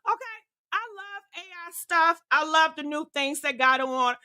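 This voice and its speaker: A brash, profane woman in her sixties hosting a casual commentary show. Her voice sits high and sounds bright and forceful. She talks with plenty of sass. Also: normal speed. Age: 60s. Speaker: commentary host.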